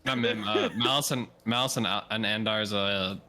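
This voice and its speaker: A man's voice: on the low side, fairly even intonation, moderate pace, sharp tone. A man playing a tabletop game, joking and swearing in casual table chat and tripping over his words. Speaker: player.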